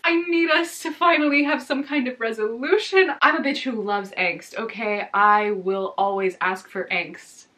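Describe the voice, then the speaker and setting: Bright-voiced gushing young woman. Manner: gushing, highly emotional, quick to laugh. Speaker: book vlogger. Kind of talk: casual chat recapping a book.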